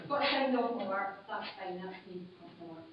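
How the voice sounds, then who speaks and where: Slow and medium-pitched, this UK woman, a paramedic, shares her testimony at a conference in short, blunt phrases. Her voice carries heavy reverb with a little background noise, recorded from afar in the conference hall on a simple MP3 player that muffles the sound.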